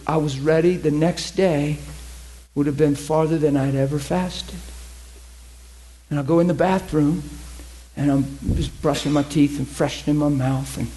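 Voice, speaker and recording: High-voiced man preaching, animated. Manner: animated storytelling, laughs often; emphatic, asks listeners questions. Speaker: preacher teaching a class. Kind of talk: sermon-style teaching.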